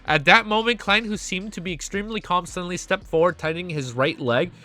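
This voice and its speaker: A young man hosting a reaction stream. He reads a web novel aloud and keeps breaking in with excited, slangy outbursts. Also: sits high, fast. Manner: excitable, slangy, cuts in on his own reading with outbursts.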